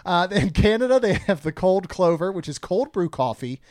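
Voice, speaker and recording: A chatty, joking man co-hosts a casual podcast, reading menu items aloud with quick asides. His voice sits slightly high for a man. The sound is close and dry. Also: sing-song, a little mellow, no echo. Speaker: podcast co-host.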